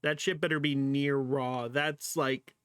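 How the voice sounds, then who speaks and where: A man's voice: medium pitch, level tone, unhurried, a bit bright, clean tone, no echo, clean studio sound. A male streamer chatting casually to viewers while reacting to a video, laughing often, swearing freely and exclaiming at what he sees. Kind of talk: casual livestream reaction chat.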